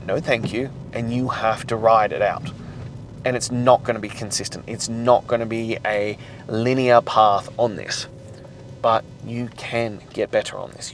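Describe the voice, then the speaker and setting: A man of middle pitch delivers a motivational podcast monologue in an intense, profane, emphatic manner. He drives his points home with repetition and blunt language. A faint hum sits behind the voice. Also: low-quality recording. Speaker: podcast host.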